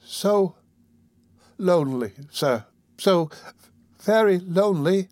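High tremulous little boy's voice, sobbing and pleading, put on by a male reader, dry audiobook sound. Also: lively intonation, slow, a little mellow, dry recording. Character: frightened sobbing little workhouse boy.

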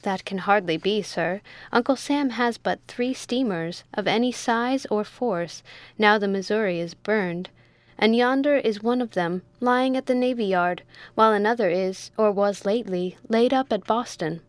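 A woman voicing a polite, measured young male first mate in a storybook reading, in a dry close sound. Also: mid-range voice, no echo, lightly acted. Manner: respectful, measured.

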